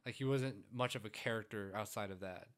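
A man chatting casually about a film, relaxed and agreeable, thinking aloud as he goes. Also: on the low side, a little fast.

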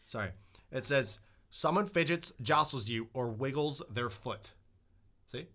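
Young man, podcast co-host, bright voice, casual, jokey, swears a lot. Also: medium pitch, measured pace. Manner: loose, joking, swears freely. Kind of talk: casual chat.

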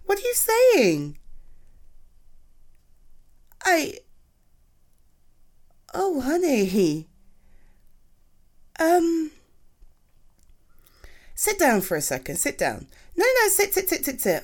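A woman performing a romantic comfort audio roleplay, gushing and reassuring as she speaks to an unseen partner. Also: high voice. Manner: slow, lively, swooping speech.

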